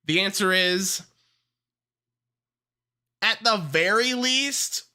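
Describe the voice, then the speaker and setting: An excitable, foul-mouthed streamer in casual livestream chat, whose pitch leaps all over the place. The voice is bright and sharp, and the delivery unhurried and drawn out even in the heated rants. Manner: excitable and heavily profane, rants then laughs.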